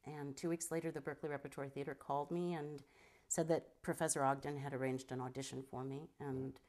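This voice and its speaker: A middle-aged woman, a filmmaker and actor appearing as a guest, tells stories in an interview conversation with a trained stage voice. Her voice rumbles low and brisk, and she is an animated storyteller who mimics other people.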